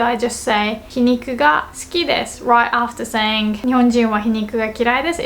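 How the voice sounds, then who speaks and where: Lively woman teaching a language lesson. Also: a little high, vocal fry, a little hiss or hum. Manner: lively, repeats example sentences twice, slows on key words. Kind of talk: casual online language lesson.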